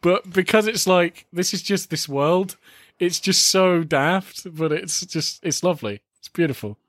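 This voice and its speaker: A man's voice: high voice, measured pace, no echo, clean studio sound. A man talking casually about a film with a co-host, acting out the lines he quotes. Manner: animated, acts out quoted lines. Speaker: podcast co-host.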